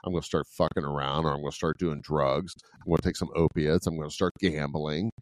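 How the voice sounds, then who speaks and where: A man's voice: rumbling low, fairly even intonation, fast, dry recording. A middle-aged man from Ohio co-hosting a podcast, blunt and profane, laughing often as he talks. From Ohio, USA. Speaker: podcast co-host. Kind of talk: casual podcast chat.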